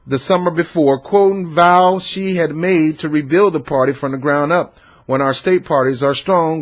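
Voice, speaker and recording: Emphatic man ranting politics. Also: high-pitched. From Southern United States. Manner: emphatic, repetitive, talks back at his subjects. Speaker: political commentator.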